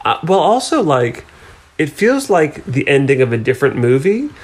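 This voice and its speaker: A man's voice: fairly high pitch, big pitch swings, normal speed, slightly rough. A man co-hosting a podcast, talking casually and wryly about a film, with many filler likes. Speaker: podcast co-host.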